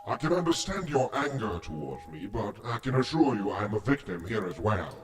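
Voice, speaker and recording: A mannered masked ex-con. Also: male voice, big pitch swings, moderate pace. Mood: explaining. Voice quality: formal, affected speech. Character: masked male ex-convict doctor, mannered and calm. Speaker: film character. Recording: distant mic with noisy rumble.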